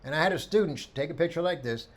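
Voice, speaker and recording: A middle-aged man teaching a photography workshop, telling lively anecdotes and acting out the people in them. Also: on the high side, very fast. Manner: animated storyteller, acts out quoted voices.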